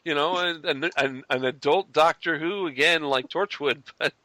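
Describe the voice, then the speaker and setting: A man hosting a fan podcast, chatting casually and animatedly with quick restarts and chuckles. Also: a little high, pushed and bright, dry recording. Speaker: podcast host.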